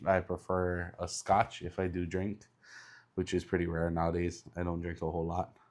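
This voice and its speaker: A young adult man with a stuffed-up, congested voice, giving a relaxed, chatty vlog update. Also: sits low, moderate pace, no room sound. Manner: relaxed, chatty, many ums. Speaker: car salesman vlogger. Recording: background noise behind the voice.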